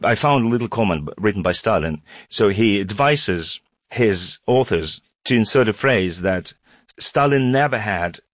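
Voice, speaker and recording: A man's voice: fairly low pitch, a little slow, no echo, studio quality. A man, speaking ironically and with animation in an interview clip. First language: Russian. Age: 40s. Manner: animated, ironic, pace jumps around. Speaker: comedian and former journalist.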